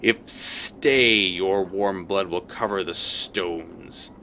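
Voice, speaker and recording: A fire-wreathed fiend hisses out its threats slowly, drawing out every word, as a man puts it on. The voice is bright and edgy, with menace in each word. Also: sits low, creaky, full character voice. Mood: threatening.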